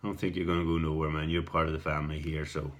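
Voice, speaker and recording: Deep-voiced Irish man telling a story. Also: level tone, rapid-fire. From Ireland. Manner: rambling, repeats words, clears throat. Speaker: video response storyteller. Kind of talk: casual spoken storytelling.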